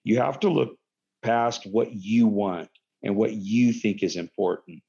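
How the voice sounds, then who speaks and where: A man telling a funny story casually, animated and profane. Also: unhurried, vocal fry, muffled recording. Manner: animated, profane, big pitch jumps.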